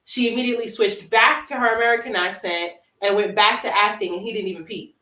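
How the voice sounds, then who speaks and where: A woman co-hosting a podcast in casual chat, expressive and emphatic. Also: mid-range voice, fast, recorded from a distance. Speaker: podcast co-host. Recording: roomy, from off the mic.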